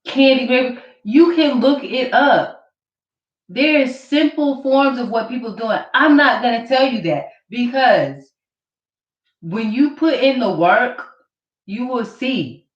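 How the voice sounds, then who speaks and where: A woman's voice: on the high side, lively intonation, takes it slowly. A woman vlogger ranting to camera in an accusatory, mocking way, repeating her points. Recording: roomy, distant, dull camera audio.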